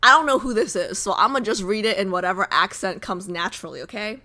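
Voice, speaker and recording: A woman's voice: medium pitch, fast, hardly any pauses, pushed and bright. A young woman streamer chatting casually on a live stream, nervous and rambling, repeating herself.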